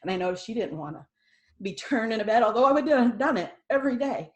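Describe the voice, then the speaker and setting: A middle-aged woman from the United States, a podcast guest telling a personal story in an earnest way, hushed at times and laughing and excited at others. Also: fairly high pitch, fast talker, dull audio. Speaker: podcast guest sharing a testimony.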